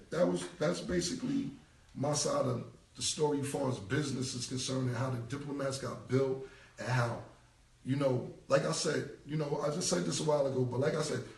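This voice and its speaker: A man, ranting on a casual live stream. His speech is blunt and repetitive, with a gravelly, slightly high voice. He sits a little off the mic in a roomy space. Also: darkish tone, distant mic. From United States. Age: 40s. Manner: blunt, repetitive street talk. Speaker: rapper. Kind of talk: casual Instagram live rant.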